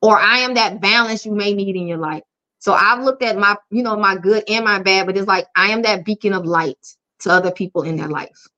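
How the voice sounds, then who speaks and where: A woman's voice: mid-range voice, fairly quick, bright, forceful tone. A woman life coach speaking frankly and openly in an interview. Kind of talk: candid conversational interview. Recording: dull lo-fi audio.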